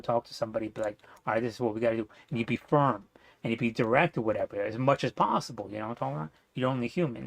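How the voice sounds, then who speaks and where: A man talks in a loose, rambling monologue, blunt and full of swearing and filler words. His voice sits at an ordinary middle pitch. The sound is dry and close, with no room echo. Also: creaky. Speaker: vlogger. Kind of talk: casual opinion monologue.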